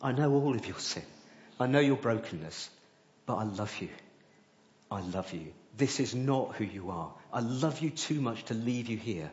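A man voicing a gentle, loving male spirit who speaks softly to a struggling believer, in a sermon. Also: high voice, big pitch swings, a little slow, roomy sound, lo-fi sound. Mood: tender.

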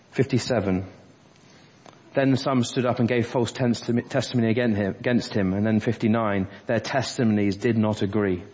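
A man's voice: lowish voice, a little mellow, breathy edge. A man preaching an earnest sermon in a church, walking through scripture verse by verse. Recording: dull lo-fi church audio with long reverb.

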